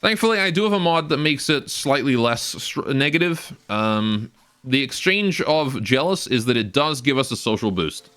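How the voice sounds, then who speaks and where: A man's voice: medium pitch, big pitch swings, moderate pace, fairly bright tone. A young man casually commenting on his game live, rambling, joking and often laughing, on a close cheap stage mic. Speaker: game streamer.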